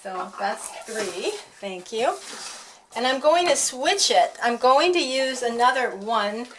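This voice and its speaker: A woman's voice: on the high side, expressive, slow pace, slight background noise. A woman talking casually as she trains her dog at home, chatting to the camera and voicing what the dog might think. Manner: chatty, talks to the dog and voices his thoughts.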